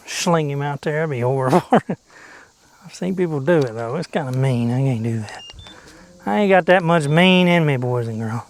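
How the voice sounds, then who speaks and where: A man's voice: mid-range voice, moderate pace. A man chatting casually while fishing from a boat outdoors, goofy and talkative, dropping into whispers now and then. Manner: goofy, chatty, drops into whispers and silly sing-song noises. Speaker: fishing vlogger.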